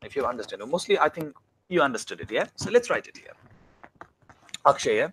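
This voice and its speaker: A man teaching a classroom grammar lesson, often stopping to ask the students whether it is clear. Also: medium pitch, very animated, brisk, a bit bright, slight background noise. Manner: keeps checking understanding with questions.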